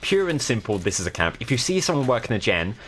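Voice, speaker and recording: A fast-talking young streamer from the south of England, with a southern English accent, gives very animated commentary on his live gameplay and chattily thanks viewers as they follow. His medium-pitched voice has a slightly bright quality.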